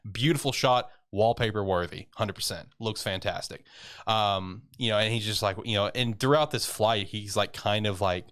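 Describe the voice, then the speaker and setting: A man's voice: on the low side, moderate pace, a bit bright, clean tone. A man co-hosting a casual podcast, recapping a cartoon episode in a rambling, loose way with lots of fillers and casual swearing. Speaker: podcast co-host. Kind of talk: casual chat.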